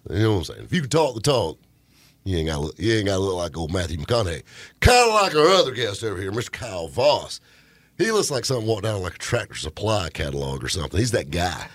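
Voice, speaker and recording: A man hosting a car radio show in a studio, joking and bantering loudly with guests. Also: low-pitched, quick pace, no echo. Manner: joking, boisterous, lively banter. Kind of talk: casual studio radio chat.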